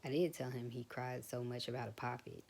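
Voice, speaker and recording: A young woman talking frankly and casually to camera about parenting, often dropping into a soft whisper. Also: very deep voice, fairly even intonation, a little fast, slight background noise. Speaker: vlogger. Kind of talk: casual personal talk to camera.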